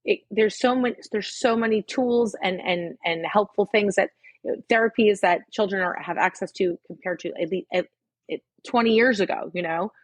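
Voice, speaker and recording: A woman's voice: medium pitch, normal speed, dry recording. A woman co-hosting a podcast, talking frankly and swearing freely in casual chat. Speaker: podcast co-host.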